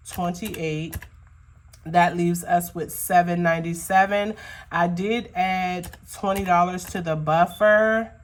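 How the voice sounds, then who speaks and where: Budget vlogger, woman, lowish voice, unhurried cash-counting chatter, a little choked up. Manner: slow, rambling, counts bills aloud with frequent fillers. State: emotional, choked up. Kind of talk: casual talk while counting cash.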